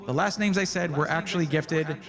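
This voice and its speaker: A high-pitched man hosts a live stream, his voice going hoarse as he reads out names in quick, excited bursts. Faint music plays behind him. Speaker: livestream host.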